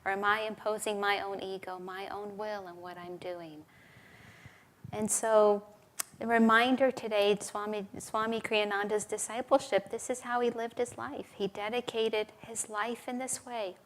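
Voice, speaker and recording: A woman giving a relaxed, conversational sermon at a spiritual service, telling stories and laughing now and then. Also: medium pitch. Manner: conversational, with laughs and acted quotes. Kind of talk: sermon with storytelling.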